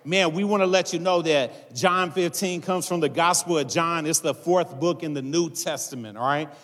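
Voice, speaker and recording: A man's voice: fairly high pitch, normal speed, a bit bright. A man, a pastor preaching a casual sermon to his congregation and filling it with "man" and "all right". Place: large church hall. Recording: long hall reverb.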